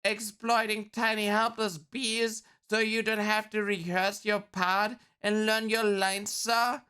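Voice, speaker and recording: A woman's voice: mid-range voice, level tone, slow pace, bright, forceful tone, clear, resonant tone, pitched above the performer's own voice. A woman voicing an earnest male bee lawyer, reading a film script aloud in her own plain voice. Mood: indignant. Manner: plain read-aloud delivery.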